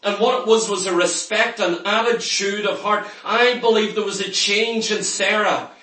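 A man preaches with a high, bright, ringing voice, emphatic and full of storytelling. He sounds set back from the mic, and a big, echoing room carries his words. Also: steady tone, normal speed. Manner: emphatic, storytelling, acts out quoted lines. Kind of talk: sermon. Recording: roomy echo, from far off the mic.

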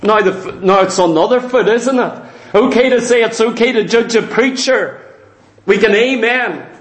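A man's voice: sits high, normal speed, echoey room. A man preaching a sermon, speaking earnestly and with emphasis to his congregation.

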